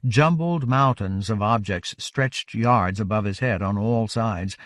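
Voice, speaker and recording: A man's voice: fairly low pitch, no room sound. Man reading a novel aloud, dry. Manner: measured, steady reading. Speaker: audiobook narrator. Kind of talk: scripted narration.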